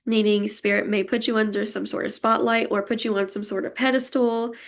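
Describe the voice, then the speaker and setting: A woman's voice: medium pitch, flat delivery, brisk. A young woman giving a pick-a-card tarot reading, emotional and gushing as she talks straight to her viewers. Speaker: tarot reader.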